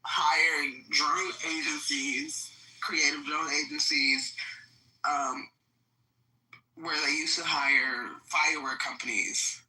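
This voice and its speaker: A participant on a group call, speaking in a measured way with pauses and fillers. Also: mid-range voice, fairly even intonation, bright, forceful tone, echoey room, recorded from a distance, low-quality recording. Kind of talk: casual group call chat.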